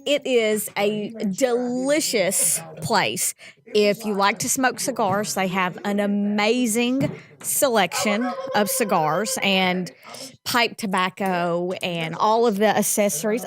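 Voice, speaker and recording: A woman's voice: mid-range voice, slow pace. A woman, a co-host chatting enthusiastically about a local restaurant. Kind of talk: casual chat.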